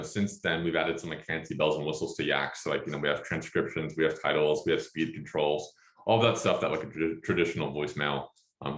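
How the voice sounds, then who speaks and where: Animated low-voiced man in an echoey room. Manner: animated, quick asides, slangy. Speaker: startup co-founder, speaker. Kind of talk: casual talk, answering questions.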